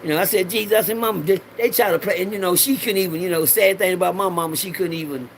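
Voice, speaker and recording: A man's voice: high-pitched, quick pace, gravelly, slight background noise. A middle-aged man rambling through a preachy personal monologue in loose slang, swearing freely and repeating lines for the audience to say back. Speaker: vlogger.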